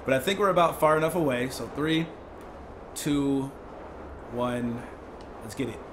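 A young man giving live gameplay commentary as a streamer, excitable, breaking into yells and laughs. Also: medium pitch, a little slow, noisy background. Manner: excitable, yelling and laughing in bursts. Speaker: gaming streamer.

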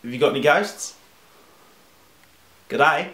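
A man's voice: fairly high pitch, slow pace, fairly bright tone. A man with a fake Australian accent, playing a brash, crude ghost hunter in a comedy sketch. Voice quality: crude, cheerful bluster. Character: brash young male ghost hunter faking Aussie. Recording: roomy sound with music underneath.

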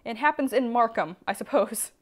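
Young american woman vlogging, bubbly and chatty, kinda high voice. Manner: playful and chatty, reads history aloud quickly. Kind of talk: casual vlog narration. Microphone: lapel mic.

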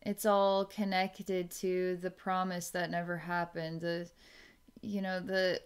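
Smooth-voiced woman giving a psychic reading. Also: on the low side, flat delivery. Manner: musing, halting, thinking aloud with restarts. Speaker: psychic reader. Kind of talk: remote psychic energy reading.

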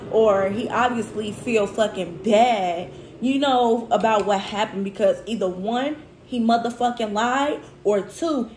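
A woman's voice: a little high, a little mellow, roomy sound, a little hiss or hum. A woman speaking who vents about work in a heated, profane storytime chat, tearful at times. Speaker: food vlogger.

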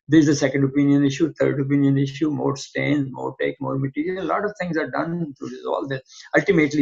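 Gravelly older man telling a story. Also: mid-range voice. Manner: animated storyteller acting out both sides of old conversations. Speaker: physician guest. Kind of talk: interview storytelling. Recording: dull lo-fi sound.

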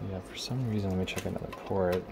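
A man's voice: sits low, fairly even intonation, vocal fry, background noise. A man narrating a guitar pedal repair at his workbench, casually thinking aloud as he tests and troubleshoots. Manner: thinking aloud, unhurried, trailing off while working. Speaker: repair video host.

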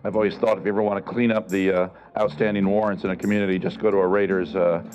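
A man's voice: low voice, flat delivery, fast talker, a little mellow, lo-fi sound, faint music behind. A middle-aged man performing a live outdoor comedy show at a renaissance fair, teasing the audience with sarcastic banter and calling people over. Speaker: street comedian and juggler.

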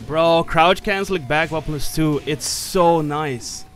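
A man giving casual live commentary while playing an online fighting game, excitable, swearing and laughing often, with sudden yelps. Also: a little high, slow, soft background music.

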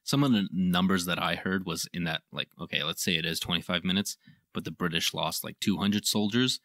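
A man with a deep voice and a bright, forceful edge adds side stories in a laid-back, joking podcast chat. The recording is dry and close to the mic. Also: fairly quick, dry recording. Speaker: podcast co-host. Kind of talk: casual history chat.

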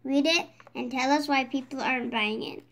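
A cheerful, eager cartoon sponge, voiced by a woman reading a storybook. His lines come out high and upbeat. He sounds keen and friendly. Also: normal speed, vocal fry, a bit bright, a little hiss or hum.

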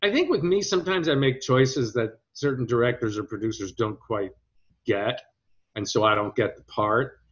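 In a dull, lo-fi recording of a conversational interview, a husky-voiced actor guest speaks at normal speed in a mid-range voice. He rambles hesitantly through anecdotes, restarting often and mimicking others with lively voices.

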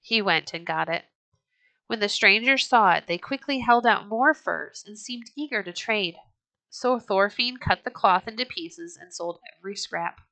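Rich: A woman reads an old storybook aloud with a gentle, measured delivery. Her voice is bright and clear, and it sits close and dry with no room sound. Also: medium pitch, no echo. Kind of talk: storybook read-aloud narration.

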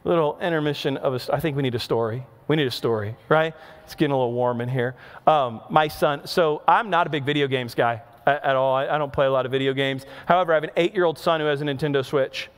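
A man's voice: medium pitch, quick pace. A male pastor in his thirties preaching in a church, moving between chatty storytelling with asides to the crowd and emphatic, repeated questions. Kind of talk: sermon. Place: church auditorium. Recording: long reverb of a large hall.

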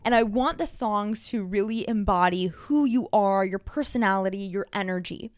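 A young woman hosting a solo podcast, talking fast and bubbly with frequent laughter. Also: medium pitch, dry recording, clean studio sound. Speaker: podcast host.

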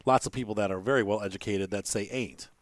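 A man's voice: on the low side, racing, no echo. A man hosting a gaming channel, giving casual gameplay commentary in a rambling way, with many fillers and little chuckles. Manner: chuckles between remarks.

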